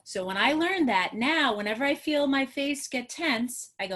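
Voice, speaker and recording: A woman's voice: high voice, animated, moderate pace, a bit bright. A middle-aged woman from New York, a trauma therapist, giving an earnest teaching talk on a video call. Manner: earnest, teaching, talks with her hands. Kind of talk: educational webinar talk.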